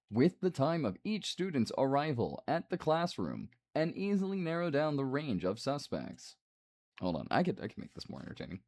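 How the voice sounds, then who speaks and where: A man streaming a game, reading the dialogue aloud and breaking off for quick asides. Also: a little high, wildly swooping pitch, darkish tone. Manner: reads the game's lines aloud with asides.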